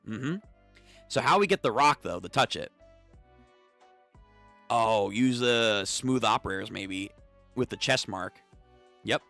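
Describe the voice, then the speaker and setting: A young man hosting a live comic read-through, reading all the parts in an animated, casual voice that swears freely. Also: on the low side, takes it slowly, pauses often, faint music behind. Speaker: streamer reading manga.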